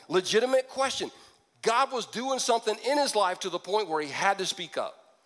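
A man preaching a sermon as pastor, telling the story with lively, jokey asides. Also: high-pitched, brisk. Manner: lively storytelling with acted-out quips.

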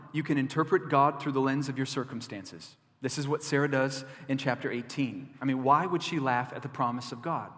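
Brief: male pastor, mid-pitched, lively emphatic preaching, long church reverb. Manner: animated, emphatic preaching with asides and chuckles. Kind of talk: sermon.

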